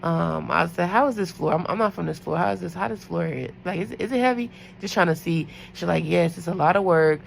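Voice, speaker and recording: A young adult woman, a night nurse, chatting casually about a work shift and acting out quotes in higher voices. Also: brisk, hardly any pauses, a little hiss or hum, rough recording. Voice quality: gravelly. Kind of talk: casual storytelling.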